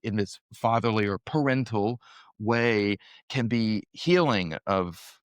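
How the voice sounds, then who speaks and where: A man's voice: on the low side, takes it slowly, no echo. A young man co-hosting a conversational Bible study podcast, speaking in an earnest, thoughtful way and laughing easily. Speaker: podcast co-host.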